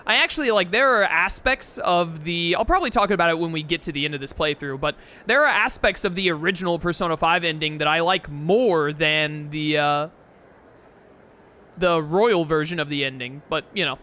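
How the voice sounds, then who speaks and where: A man's voice: fairly high pitch, moderate pace, sharp tone. A man giving rambling, casual commentary while playing a game, filling his talk with "like.". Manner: rambling, heavy use of "like" fillers. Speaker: gameplay commentator. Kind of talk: casual let's-play commentary.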